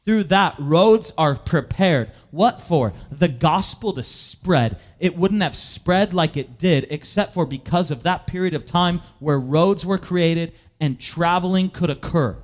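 Conversational man preaching a sermon. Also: fairly high pitch. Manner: conversational preaching, with repeated fillers and restarts; draws out key phrases slowly for emphasis. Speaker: pastor.

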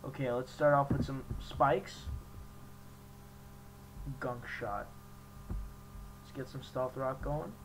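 Unhurried young man, jokey game commentary. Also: mid-range voice, steady tone, noisy background. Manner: chatty, jokey, reacts loudly to plays. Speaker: gaming channel host.

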